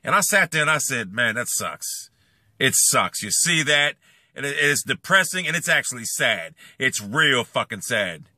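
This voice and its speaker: A man ranting angrily in a video blog, swearing and repeating himself as he moves from brooding talk to shouting. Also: mid-range voice, big pitch swings, normal speed, no echo, studio quality. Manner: profane, repetitive, swings between brooding and shouting. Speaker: YouTuber. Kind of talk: angry rant vlog.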